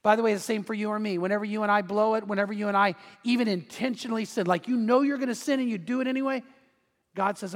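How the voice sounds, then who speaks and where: A man's voice: high voice, steady tone, quick pace. A middle-aged male pastor preaching a sermon in a conversational way, acting out quotes and family stories. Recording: long hall reverb.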